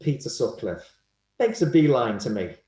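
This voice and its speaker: Man, animated anecdotal storyteller, roomy echoey sound. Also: medium pitch, moderate pace. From Liverpool, England. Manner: animated storyteller, acts out quoted voices. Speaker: guest, hypnotherapist.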